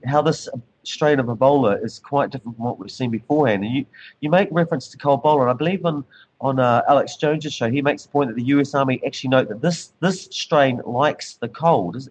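A man with a New Zealand accent hosting an interview, talking quickly and in a rush. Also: mid-range voice, low-quality recording. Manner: rapid, rushed talker. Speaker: radio show host.

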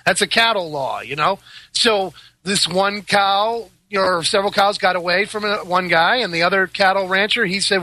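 A male host spins long stories in a relaxed, joking way, with sarcastic asides and laughs. His voice sits high and very bright. The sound is dry and close, with no room around it. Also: a little fast, no room sound. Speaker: podcast host. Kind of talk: casual chat.

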